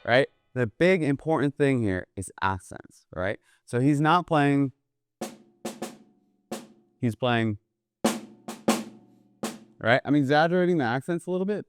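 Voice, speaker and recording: A man teaching a jazz drum lesson in a relaxed, eager way, often checking in with "right?" between drum examples. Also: medium pitch. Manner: casual, enthusiastic, keeps asking "right?". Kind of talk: instructional video lesson. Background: drum kit played between phrases.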